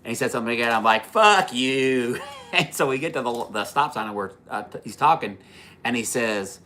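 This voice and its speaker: A man's voice: mid-range voice, fast talker, bright, forceful tone, slight background noise. A man in his fifties hosting a livestream, telling stories in a rambling, profane way with many fillers and restarts. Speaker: livestream host. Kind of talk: casual livestream storytelling.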